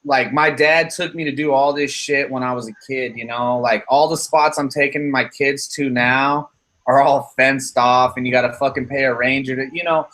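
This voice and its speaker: A man's voice: mid-range voice, fairly even intonation, normal speed, a bit bright. A man in his thirties hosting a casual podcast chat, rambling, profane and heated as he vents about his kids. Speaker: channel host.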